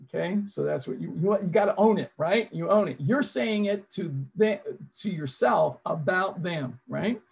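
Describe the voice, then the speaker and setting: A man's voice: sits high, expressive, moderate pace, creaky, breathy edge. A man presenting an interactive online seminar over a video call, coaching his audience and repeating his prompts.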